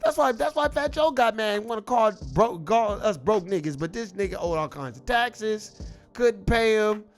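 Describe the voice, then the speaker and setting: A man rants in a high, lively voice that swings up and down as he fires off rhetorical questions. His talk is casual, slangy and repetitive, and he keeps pushing his point. Faint music plays behind him. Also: moderate pace. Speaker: political commentator. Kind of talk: casual ranting monologue.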